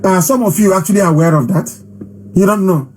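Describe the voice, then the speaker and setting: A man giving an impassioned live broadcast address, emphatic and repetitive, hammering phrases with long pauses. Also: sits high, a little mellow, slightly rough, rough recording. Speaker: movement leader hosting a live broadcast.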